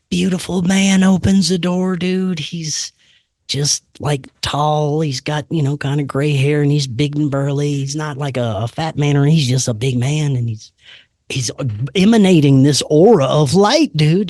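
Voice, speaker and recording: A man's voice: on the high side, measured pace, a little mellow, no echo, studio quality. A man from Louisiana, hosting a podcast and telling a story in a laid-back, casual way, often saying "man" and "dude". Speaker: podcast host.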